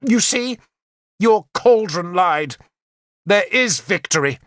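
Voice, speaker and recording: A man's voice: sits high, lively intonation, measured pace, a bit bright, voice pushed up. A male narrator voicing a hysterical young queen mother who screams and weeps with spite. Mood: triumphant.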